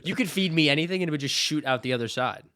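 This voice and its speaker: A young man co-hosting a podcast, telling playful stories and trading deadpan comebacks. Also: fairly high pitch, racing. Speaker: podcast co-host. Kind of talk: casual chat.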